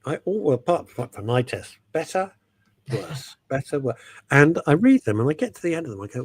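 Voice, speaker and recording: A man's voice: mid-range voice, big pitch swings, fairly quick, slightly rough, no echo. A man from England hosting a radio show, chatting in a jokey, rambling, self-mocking way.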